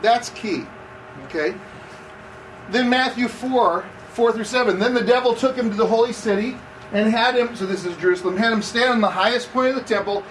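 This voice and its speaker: A man's voice: extremely high pitch, a little fast, a bit bright, recorded from a distance, a little hiss or hum, rough recording. A man preaching a conversational sermon, asking the audience questions as he goes. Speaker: campus pastor. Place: room with seated audience.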